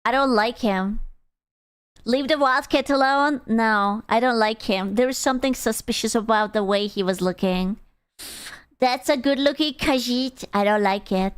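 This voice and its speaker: Woman streamer, clear higher voice, blunt teasing chat. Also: unhurried. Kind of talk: casual live-stream chat.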